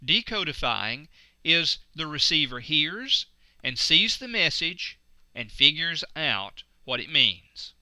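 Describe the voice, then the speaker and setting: A man giving a recorded course lecture, slow and deliberate, stressing key words. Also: on the high side, very animated, bright, forceful tone, no room sound. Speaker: instructor.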